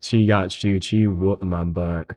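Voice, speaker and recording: A man's voice: sits low, fairly even intonation, slow pace, mellow. A young man hosting a podcast, telling laid-back stories with a friend and saying "dude" a lot. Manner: laid-back storytelling, says "dude" often. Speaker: podcast host. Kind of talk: casual chat.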